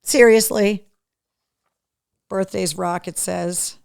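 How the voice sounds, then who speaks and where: A woman hosting a casual live show, chatty and excitable, talking to her dog between opening gifts from fans. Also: lowish voice, a little slow, creaky, long pauses, dry recording, clean studio sound. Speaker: host.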